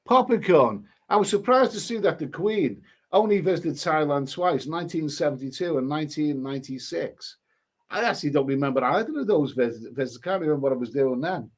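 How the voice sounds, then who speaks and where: Rambling man with a slightly high voice. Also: animated. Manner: rambling, halting, with many restarts and repeated words. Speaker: livestream host reading viewer comments. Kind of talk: casual rambling chat.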